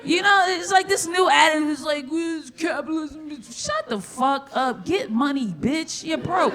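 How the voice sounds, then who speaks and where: A woman performing a live stand-up set on a comedy club stage, brash and profane, with sudden loud outbursts. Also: high-pitched.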